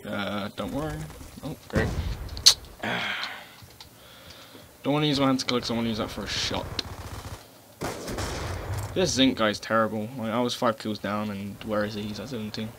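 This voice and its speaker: Casual male gaming commentator, low voice, swears freely, game gunfire clearly audible under him. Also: steady tone, normal speed, pauses often. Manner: casual rambling, swears, sudden loud outbursts. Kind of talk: live gameplay commentary. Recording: game gunfire noise behind voice. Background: gunfire and explosions from the game.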